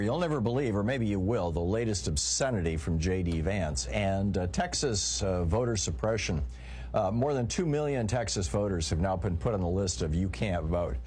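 A man hosting a political talk radio show, chatty and halting, with many fillers and restarts. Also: low voice, darkish tone. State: sneezing and coughing.

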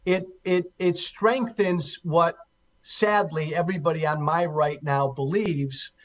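A man with a fairly high voice talks as a guest on political talk radio. He hammers his points home with emphasis, often repeating a word several times over. His delivery sounds forceful and insistent. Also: takes it slowly. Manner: emphatic, repeats key words for stress. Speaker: guest commentator.

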